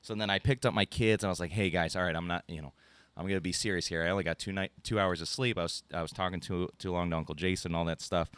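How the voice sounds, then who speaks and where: A man's voice: low-pitched, steady tone, racing, a bit bright, smooth, no room sound. A man, telling a rambling story on a casual podcast, ranting and swearing freely. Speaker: podcast co-host.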